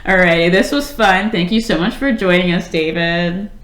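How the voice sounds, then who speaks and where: A woman's voice: on the low side, normal speed, fairly bright tone, echoey room. A woman hosting a casual podcast chat, laughing often and wrapping up the episode. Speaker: podcast host.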